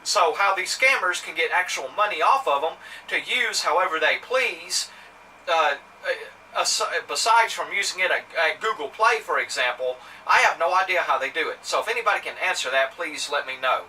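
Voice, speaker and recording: Indignant Mississippi man, bright voice. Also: fairly high pitch, expressive, normal speed. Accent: Mississippi Southern. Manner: indignant, rambling with fillers and restarts. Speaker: vlogger. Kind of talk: casual storytelling to camera. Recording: somewhat distant mic with faint ambient noise.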